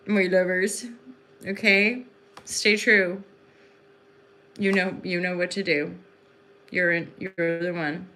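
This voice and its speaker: A woman's voice: fairly low pitch, fairly even intonation, slow, pauses often, sharp tone. A woman hosting a casual livestream into her phone at home in the evening, rambling and effusive, with lots of fillers. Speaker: livestream host and spiritual reader.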